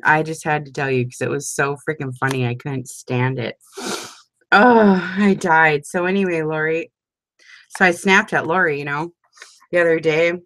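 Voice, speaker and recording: A woman in her forties chatting casually with her crafting group at home, talking fast and laughing often. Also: low voice, dry recording. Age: 40s. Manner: chatty and animated, breaks into frequent laughter. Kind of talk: casual chat.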